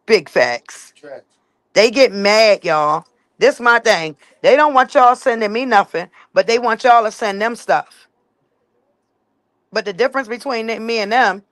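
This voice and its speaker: A woman's voice: medium pitch, a bit bright, dry recording. A woman with kids talking bluntly to her viewers on a casual live stream, driving home each point with "facts" and "period.". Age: adult with children. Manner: blunt and emphatic, keeps punctuating with "facts" and "period".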